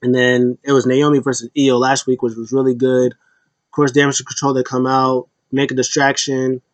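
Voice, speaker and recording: A man's voice: mid-range voice, level tone, moderate pace, dry recording. A man hosting a casual solo recap, rambling loosely with restarts and fillers. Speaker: wrestling show host. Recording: dull lo-fi dry recording.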